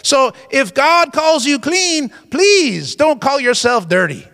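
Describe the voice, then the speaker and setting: Emphatic male pastor with a bright, gravelly voice. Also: very high-pitched, very animated, slow pace, long reverb tail. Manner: emphatic, exclamatory preaching. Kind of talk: sermon.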